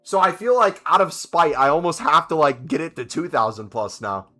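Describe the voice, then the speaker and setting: A man's voice: on the high side, lively intonation, normal speed, sharp tone, soft background music. A man streaming a video game, chatting casually and answering viewers' questions as he plays. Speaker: gaming streamer. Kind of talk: casual live-stream commentary.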